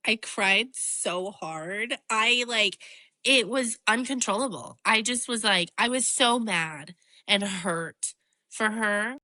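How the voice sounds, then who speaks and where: A woman's voice: fairly high pitch, slow pace, sharp tone, no room sound. A woman co-hosting a podcast, chatting expressively about a reality show, laughing often and swearing freely. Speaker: podcast co-host. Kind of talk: casual chat recapping a reality show.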